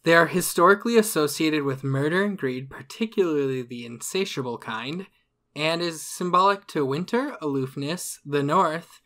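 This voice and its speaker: This man's voice is fairly high and fairly bright, moving at a normal speed. As host of a casual comedic podcast, he presents the topic to his cohosts from his notes and laughs at his own jokes, with the other hosts talking in the background.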